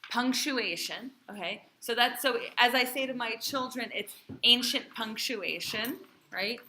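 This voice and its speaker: A woman's voice: on the high side, normal speed, bright, forceful tone, a little hiss or hum. A female cantor teaching a class, quizzing and encouraging her students in a chatty way.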